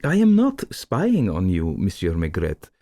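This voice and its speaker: A man's voice: sits low, wildly swooping pitch, a little slow, dark tone, dry recording, full character voice. A man voicing a sad, humble little Eastern European man who pleads in a mournful, condoling tone. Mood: mournful, pleading. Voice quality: sad, unvarying, like offering condolences.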